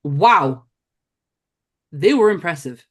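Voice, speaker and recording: Lower-voiced woman, blunt and giggly. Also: lively intonation, slow pace. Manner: blunt, giggly, swears freely. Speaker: podcast co-host. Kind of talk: casual film review chat.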